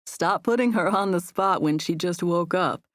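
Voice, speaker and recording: A woman's voice: on the low side, normal speed, no room sound, close to an everyday voice. A woman playing a laid-back teasing young man. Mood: defending. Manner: dry, matter-of-fact teasing.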